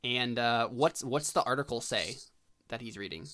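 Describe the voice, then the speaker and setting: A man runs a tabletop game, narrating a strange scene. His voice sits in a middle pitch, and his delivery is loose and halting, full of fillers and restarts. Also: pushed and bright. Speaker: game master.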